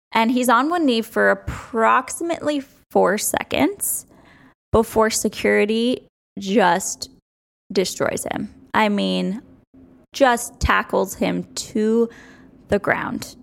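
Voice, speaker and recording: A woman's voice: mid-range voice, slow pace, creaky. A young woman hosting a sports podcast, chatting casually with strong opinions and frequent laughs.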